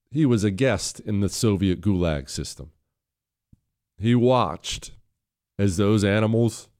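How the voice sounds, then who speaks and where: A man's voice: fairly low pitch, a little mellow. A male radio talk show host delivering a heated political monologue into a studio microphone, indignant and mocking.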